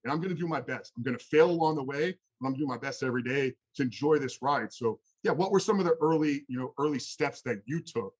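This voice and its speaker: A male podcast host asks long, winding questions at a brisk clip, filling them with "you know" and "um". His audio sounds dull and lo-fi. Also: mid-range voice. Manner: rambling, filler-heavy questions. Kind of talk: interview questions.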